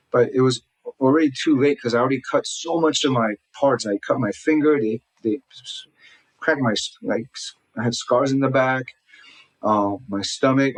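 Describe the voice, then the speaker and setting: A guest who lives in Southern California recounts his life story quickly and earnestly during an interview, his pitch in the middle range. He often restarts mid-thought and acts out the people he quotes, heard on a low-quality recording.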